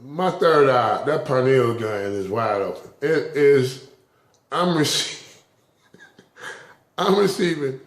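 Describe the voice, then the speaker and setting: Man, rambling vlog talk, stuttering restarts, emotional, echoey room, middle pitch. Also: expressive, slow, long pauses. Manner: rambling, repeats words in restarts; openly emotional, laughing and tearing up. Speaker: vlogger. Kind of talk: casual spoken vlog.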